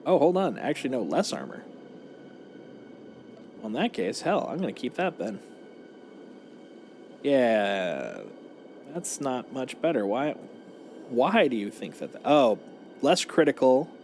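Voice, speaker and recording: A man's voice: medium pitch, unhurried, creaky, pauses often, slight background noise. A man streaming a video game, chatting playfully and thinking aloud as he sorts his gear. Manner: playful, thinks aloud, lively ups and downs. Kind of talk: casual gameplay chat. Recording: game music behind voice.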